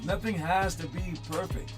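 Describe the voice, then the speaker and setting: A man talks to his young players in a loose, jokey way, wandering between tips and asides. His voice sits a little high. Loud music plays under everything he says. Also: steady tone, normal speed. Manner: chatty, rambling, jokey, breaks into song. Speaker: basketball coach teaching kids. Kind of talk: casual motivational classroom talk. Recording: music playing loudly underneath.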